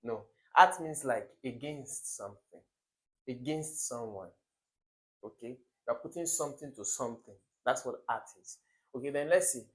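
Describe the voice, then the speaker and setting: A man with a Nigerian English accent, talking through exam questions one by one as a tutor. He explains patiently, repeats the key words, and gives a small laugh at the wrong options. His voice sits at a middle pitch. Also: poor audio. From Africa.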